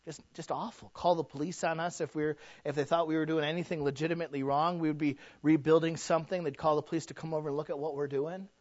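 A man's voice: fairly high pitch, steady tone, fast talker, hardly any pauses, darkish tone, no echo. A man preaching a sermon in a folksy, conversational way, full of rhetorical questions. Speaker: pastor. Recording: dull, dry sound.

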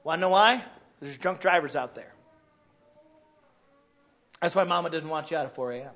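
A man in his thirties preaching a sermon, telling stories and acting out shouting parents. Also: a little high, normal speed, highs cut off. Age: 30s. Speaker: pastor.

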